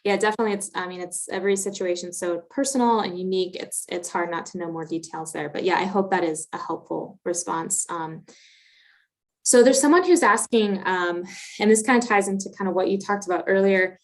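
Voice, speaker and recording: A woman's voice: on the low side, fairly quick. A woman hosting a livestream question session, friendly and affirming, reading viewer questions with many fillers.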